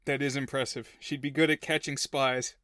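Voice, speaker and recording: A man co-hosting a casual film podcast, chatty and joking, with quick asides. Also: medium pitch, level tone, pushed and bright, dry recording, studio quality. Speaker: podcast co-host.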